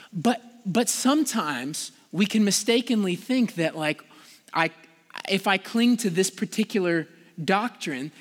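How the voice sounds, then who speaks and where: A man preaches in a loose, conversational manner, leaning on "like" and pressing harder as he pleads his point. His voice sits high for a man. The sound carries a long reverb, as in a large church sanctuary. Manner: casual, conversational preaching with frequent "like"; passionate, rising in pitch and volume when pleading. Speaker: pastor. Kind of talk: sermon.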